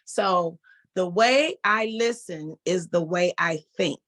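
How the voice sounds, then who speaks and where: A woman's voice: lowish voice, slow, fairly bright tone. A woman taking part in a group discussion, working through her thoughts aloud with many restarts. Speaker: guest.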